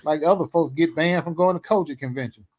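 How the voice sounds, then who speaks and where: A middle-aged man hosting a casual talk show, animated, exclaiming and joking as he talks. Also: on the high side, fast talker. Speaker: show host. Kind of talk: casual chat.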